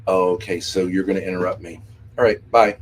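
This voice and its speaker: A man's voice: low voice, fairly even intonation, brisk, slight background noise. A man arguing on a livestream in a confrontational, lecturing way. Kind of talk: argumentative livestream talk.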